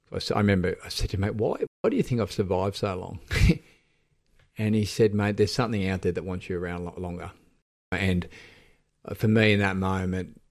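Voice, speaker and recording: Deep-voiced Australian man, candid and halting. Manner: reflective, halting, with frequent restarts. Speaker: podcast guest. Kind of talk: candid personal storytelling.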